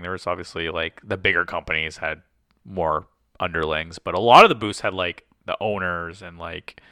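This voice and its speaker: Chatty man with a bright, crisp voice. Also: low voice, no echo, clean studio sound. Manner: rambling storyteller, heavy use of "like"; animated, acts out quoted conversations. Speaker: podcast co-host. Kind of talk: casual chat.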